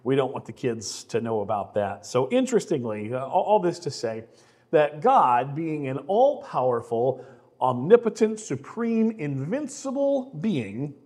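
Middle-aged male pastor, fairly high voice, chatty, self-deprecating sermon delivery. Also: big pitch swings, measured pace, mellow. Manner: conversational, self-deprecating, repeats words when starting sentences.

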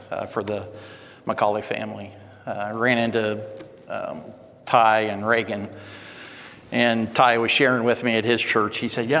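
A man's voice: mid-range voice, fairly bright tone, a little hiss or hum. A man teaching at church, telling stories in a folksy way with many fillers. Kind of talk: sermon. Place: church hall. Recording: long hall reverb.

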